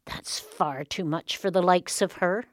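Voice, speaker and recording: A woman's voice: fairly low pitch, unhurried, dry recording, clean studio sound, close to an everyday voice. A woman voicing a selfish, greedy young baker's daughter in a storybook tale, sly and snappish.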